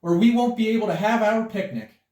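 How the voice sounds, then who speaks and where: A man voicing a cheerful but commanding woman teacher, loud and firm. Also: high voice, a little fast, voice pushed up, close to an everyday voice. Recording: roomy sound from a distance.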